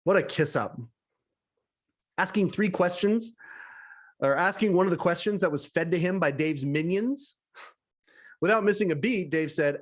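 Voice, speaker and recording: A man's voice: sits high, normal speed, long pauses. A man hosting a podcast, reading aloud his own written story, often chuckling between sentences and getting emotional. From Canada. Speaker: podcast host.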